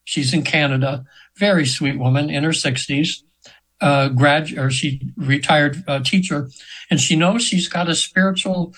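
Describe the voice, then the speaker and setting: Man, seventies, interview guest, rambling earnest storytelling, somewhat high voice. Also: steady tone, unhurried, a bit bright, poor audio. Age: 70s. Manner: earnest, rambling, with many restarts. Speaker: guest, hypnotherapist.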